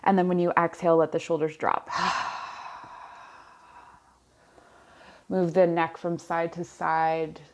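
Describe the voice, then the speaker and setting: A woman giving a pick-a-card tarot reading, speaking slowly and softly with searching pauses, wearing headphones. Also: fairly low pitch, flat delivery, a little hiss or hum. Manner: slow, soft-spoken, searching pauses. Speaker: tarot reader. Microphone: headphones on, close mic.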